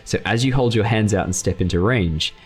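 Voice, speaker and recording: A man's voice: lowish voice, brisk, husky, faint music behind. A man narrating as game master of a tabletop game, giving loose, rambling rulings with fillers.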